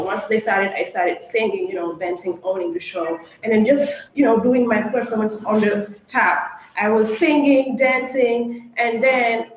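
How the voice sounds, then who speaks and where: Woman from Senegal telling a story, very echoey. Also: fairly high pitch. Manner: lively, acts out quoted voices and sings short snippets. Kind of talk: personal storytelling performance. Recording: very echoey, dull lo-fi sound with faint noise.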